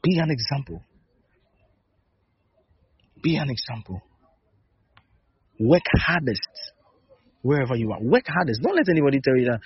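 Male pastor, mid-pitched and breathy-rough, preaching in insistent repeated commands; muffled lo-fi sound. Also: big pitch swings, normal speed, pauses often, no room sound. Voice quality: husky. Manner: repetitive, emphatic exhortation with rhetorical questions. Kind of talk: sermon. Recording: dull lo-fi recording.

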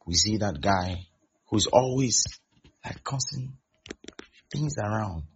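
Male preacher, low husky gravelly voice, dull lo-fi recording, acts out quotes mid-sermon. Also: lively intonation, takes it slowly.

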